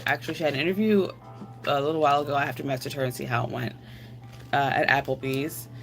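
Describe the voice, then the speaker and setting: A woman's voice: very deep voice, background noise. A woman live streaming, chatting casually and rambling to her viewers while answering their comments aloud.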